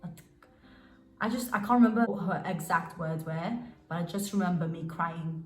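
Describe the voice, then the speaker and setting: A woman's voice: fairly low pitch, moderate pace, darkish tone. A young woman vlogging about her dance work, gushing and emotional, with many restarts and fillers. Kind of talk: casual storytelling vlog. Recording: roomy sound with faint music.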